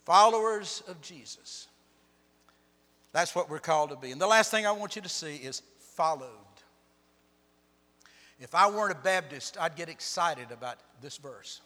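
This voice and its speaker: A man preaching a sermon as pastor, telling Bible stories with sharp swings between loud and soft. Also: on the high side, moderate pace, long pauses, in a large hall. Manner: storytelling, dramatic shifts in loudness. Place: church sanctuary.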